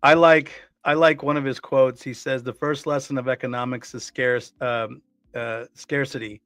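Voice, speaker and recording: A man's voice: medium pitch, little pitch movement, moderate pace, fairly bright tone, clean tone, no echo, clean studio sound. A man co-hosting a casual talk show, speaking earnestly and often repeating words as he restarts his sentences. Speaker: co-host. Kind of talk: casual conversational commentary.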